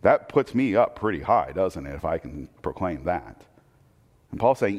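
A man's voice: low voice, sing-song, moderate pace, a little mellow, dull audio. A male pastor preaching a conversational sermon, often asking the audience rhetorical questions and restarting his phrases. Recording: long reverb of a hall.

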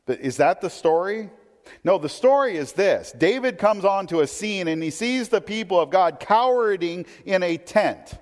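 A man preaching a sermon with a slightly higher voice, his teaching conversational. He lifts and strengthens his voice for scripture readings and drops low for quick asides. A long reverb trails behind him in the hall. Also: lively intonation. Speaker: pastor.

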